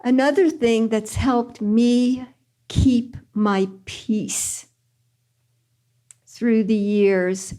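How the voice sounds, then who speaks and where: An older woman, a spiritual teacher, answering questions at a retreat. She tells stories gently and earnestly and repeats phrases for emphasis. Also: on the high side, fairly even intonation, extremely slow, long pauses. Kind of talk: spiritual Q&A talk with storytelling.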